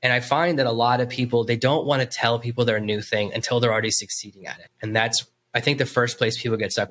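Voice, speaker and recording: A man's voice: mid-range voice, fast, hardly any pauses. A man hosting a podcast interview, telling stories and acting out the quotes in a conversational way. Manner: storytelling, animated quoting. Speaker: podcast host.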